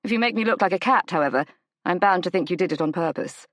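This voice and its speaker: A woman voicing a reclusive male duke who speaks in a quiet, clipped, formal way. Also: lowish voice, lively intonation, fast, dry recording, studio quality. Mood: reserved.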